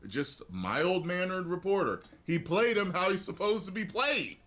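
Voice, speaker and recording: Man, animated casual talker, very lively pitch, filler-heavy delivery. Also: unhurried. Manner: animated, repeats "you know what I'm saying". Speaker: commentator in a played clip. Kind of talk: casual opinion monologue.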